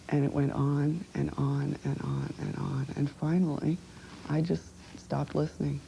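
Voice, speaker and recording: Low, gravelly woman recalling her past. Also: flat delivery, dark tone, a little hiss or hum, low-quality recording. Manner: halting, reflective, with many fillers. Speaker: interviewee. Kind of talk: personal testimony.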